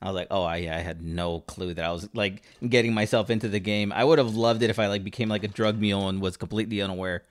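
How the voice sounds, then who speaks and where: A man from Southern California telling a story in casual chat, rambling and halting with many fillers and restarts. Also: on the low side, fairly even intonation.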